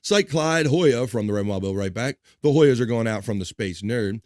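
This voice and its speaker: A man's voice: mid-range voice, animated, moderate pace, darkish tone, no echo, studio quality. A man hosting a casual livestream, joking around and reading viewer comments aloud. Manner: upbeat, jokey, reads chat messages aloud. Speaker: livestream host.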